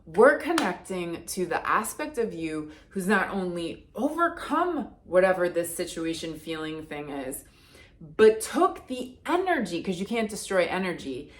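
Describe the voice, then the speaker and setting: A woman with a fairly low voice gives a casual, intuitive card reading to her viewers. She talks in a chatty, earnest way, full of "like" and quick restarts. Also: sing-song. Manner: chatty and earnest, heavy use of "like". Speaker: card reader and deck creator.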